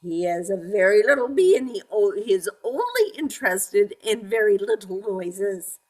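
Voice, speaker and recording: A woman voicing a wise old male groundhog who calmly gives advice. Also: mid-range voice, moderate pace. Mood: patient.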